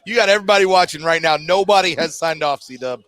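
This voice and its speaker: A man's voice: on the high side, fast talker, fairly bright tone. A man hosting a live call-in sports chat, upbeat and teasing his caller with frequent laughs. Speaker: host.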